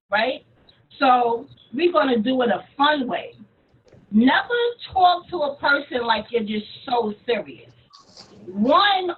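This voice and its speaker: A high-voiced woman coaches her listeners on reaching out to old contacts. She swoops through her range as she acts out excited phone calls. The sound is thin and tinny, like a phone line. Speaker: network marketing trainer. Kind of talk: coaching talk on phone outreach.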